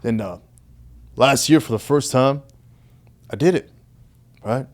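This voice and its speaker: A man's voice: mid-range voice, takes it slowly, a little mellow. A man who is a guest on a casual podcast, telling his story animatedly with heavy profanity and calling the host "brother".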